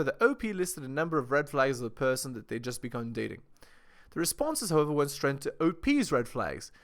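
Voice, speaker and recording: A man's voice: a little high, fairly bright tone. A man giving reaction commentary to his viewers, lecturing and asking them rhetorical questions. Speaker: video commentator.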